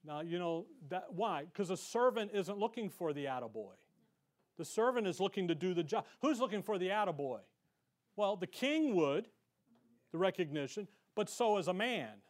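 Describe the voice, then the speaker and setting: A man's voice: sits high, big pitch swings, moderate pace, darkish tone. A man teaching a Bible study in a folksy, conversational way, with slangy asides and emphatic stress on key points.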